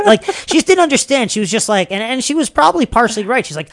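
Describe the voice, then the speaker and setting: High-voiced New guy telling stories. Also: fast talker. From Long Island, New York. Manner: animated storytelling, laughs often, many fillers and restarts. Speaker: podcast guest, stand-up comedian. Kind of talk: casual interview chat.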